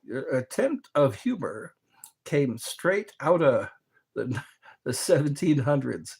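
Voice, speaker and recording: A man's voice: medium pitch, very animated, slow pace, gravelly, darkish tone. A man hosting a livestream, chatting casually with viewers in a rambling way and chuckling often. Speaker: livestream host. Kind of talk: casual chat answering viewer comments.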